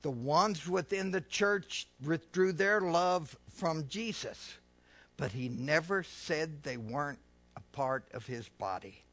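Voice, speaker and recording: A man preaching a sermon, reading scripture slowly and loudly and then explaining it in a quieter, conversational voice. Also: lively intonation. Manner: reads scripture slowly and loudly, asides in a lower voice; addresses listeners as folks, with fillers.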